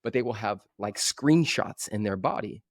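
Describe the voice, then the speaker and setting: A man in his forties, a coach talking as a guest in a podcast interview, telling stories with animated energy and acting out other voices. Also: lowish voice, moderate pace, no echo, clean studio sound. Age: 40s. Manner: animated storyteller who acts out voices.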